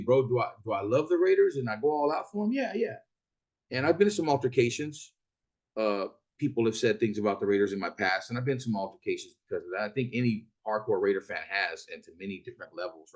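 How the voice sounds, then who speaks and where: A rideshare driver from Arizona casually retells a story from work in a medium-pitched voice. He's profane and animated, acting out the other people's lines.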